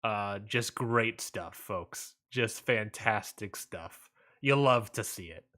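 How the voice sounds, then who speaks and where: A man co-hosting a casual wrestling podcast, laid-back and rambling, often trailing off quietly at the ends of lines. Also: fairly low pitch, takes it slowly. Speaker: podcast co-host.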